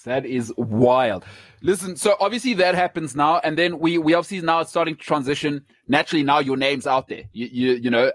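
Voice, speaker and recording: A South African man hosts a sports talk show with a fairly high voice and plenty of excitable energy. He reacts fast and keeps the chat moving. The sound is close and dry. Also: no room sound. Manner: excitable, quick to laugh. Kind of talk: casual podcast interview.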